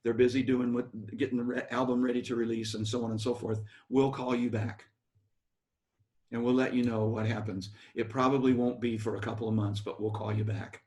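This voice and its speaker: An older American man, a bass player, telling rambling stories about his career in an interview. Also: little pitch movement, fairly quick, darkish tone. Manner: rambling anecdotal storytelling with restarts. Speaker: guest musician, bass player. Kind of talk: storytelling interview.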